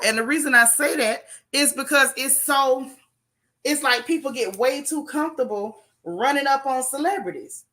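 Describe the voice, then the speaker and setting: A woman's voice: sits high, bright, forceful tone. A woman hosting a casual gossip livestream, chatting straight to her viewers and reading posts aloud in her own voice.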